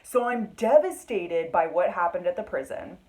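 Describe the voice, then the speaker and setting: A woman's voice: lowish voice, big pitch swings, normal speed, darkish tone, poor audio. A young woman in a casual reading vlog, talking emotionally and dramatically about a book she just finished, with frequent fillers. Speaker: book vlogger.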